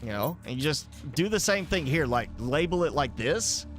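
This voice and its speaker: A man's voice: on the high side, animated, normal speed, soft background music. A man with a mild Southern American accent, chatting casually while streaming a game, thinking aloud with lots of fillers. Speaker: gaming streamer. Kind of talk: casual live gameplay commentary.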